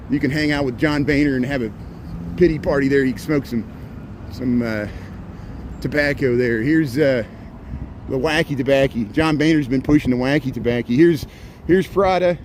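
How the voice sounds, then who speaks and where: This walking-tour vlogger speaks at a normal speed with a medium, slightly mellow voice. Strolling city streets on a live stream, phone in hand, he rambles conversationally and slips in sarcastic comments while traffic and street noise go by.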